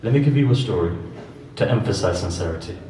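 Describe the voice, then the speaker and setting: A man's voice: low-pitched, animated, fast talker, mellow, a little hiss or hum. A man preaches, driving a story forward with rhetorical questions and phrases he repeats for weight. He sits well back from the microphone in a roomy, echoing hall, and a faint murmur of the room sits under his voice. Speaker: preacher at a mourning gathering. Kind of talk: sermon. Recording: echoey distant hall recording.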